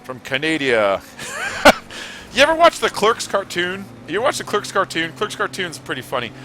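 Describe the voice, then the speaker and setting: A man's voice: high-pitched, big pitch swings, normal speed, pushed and bright, soft background music. A man from California giving rambling, chatty commentary while playing a racing game, swearing freely. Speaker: gaming streamer. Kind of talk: casual gameplay commentary.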